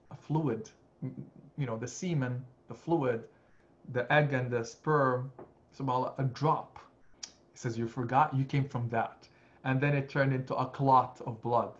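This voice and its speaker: A man, an imam, giving a Sunday lecture on scripture in an earnest, animated way, often restarting his phrases. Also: mid-range voice, a little slow, lo-fi sound. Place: mosque community hall.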